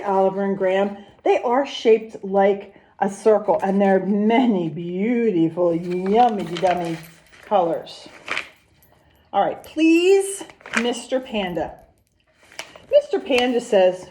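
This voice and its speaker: A woman preschool teacher leading a recorded lesson and read-aloud, gentle and sing-song, asking the children questions. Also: mid-range voice, lively intonation, slow, pauses often.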